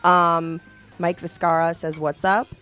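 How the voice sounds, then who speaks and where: A woman's voice: fairly low pitch, little pitch movement, a little slow, fairly bright tone, faint music behind. A woman from Philadelphia co-hosting a rock podcast, reading notes and listener comments in an easygoing, casual way. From Philadelphia, USA. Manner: easygoing, laughs often, reads from notes. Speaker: podcast co-host.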